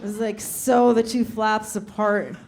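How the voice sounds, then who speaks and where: A young woman doing stand-up, telling a story with lots of laughter and shouted voices. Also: medium pitch, fairly even intonation, takes it slowly. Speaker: stand-up comedian.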